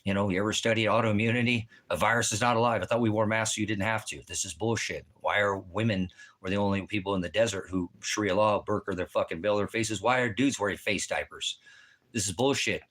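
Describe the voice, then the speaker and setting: A man's voice: on the low side, steady tone, fast, a bit bright. A man delivering a rambling, agitated monologue to camera, swearing heavily and repeating himself. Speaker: vlogger. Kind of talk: profane ranting monologue.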